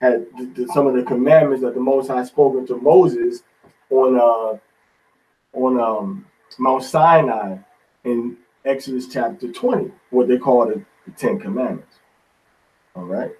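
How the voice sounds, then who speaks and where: A man's voice: mid-range voice, measured pace, darkish tone, far from the mic, low-quality recording. A man teaching a Bible study in an informal, folksy sermon style, often tagging lines with "man".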